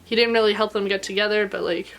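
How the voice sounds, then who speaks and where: A woman talks through her review in a loose, gushing way, with "like" dropped into nearly every phrase. Her voice sits in an ordinary middle register but climbs higher when she gets emotional. The delivery is casual and unscripted, like talking to friends. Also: steady tone, fast talker, vocal fry, a bit bright. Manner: chatty and gushing, heavy use of "like". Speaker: anime reviewer.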